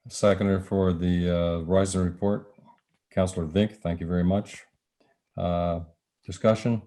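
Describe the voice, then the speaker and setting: Low, flat-voiced Canadian mayor, halting. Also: male voice. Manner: halting, many filler pauses. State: losing his voice. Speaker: mayor chairing a council meeting. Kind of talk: chairing a council meeting.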